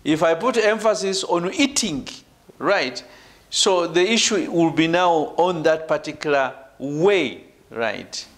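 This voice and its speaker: Animated, high-pitched male lecturer. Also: slow. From Uganda. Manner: repeats "right" and "ladies and gentlemen" as tags; emphatic, falls low at phrase ends. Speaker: university lecturer. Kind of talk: academic lecture.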